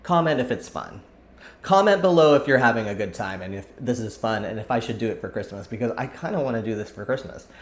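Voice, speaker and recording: A talkative man chatting through a craft session, wandering from thought to thought as he works. His voice sits at an ordinary middle pitch, caught by a camera mic placed some way back across an indoor table. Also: expressive, fast talker. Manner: rambling, talkative, thinks aloud. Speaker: vlog host. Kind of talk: casual chatty craft vlog. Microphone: camera set back at a distance on the table.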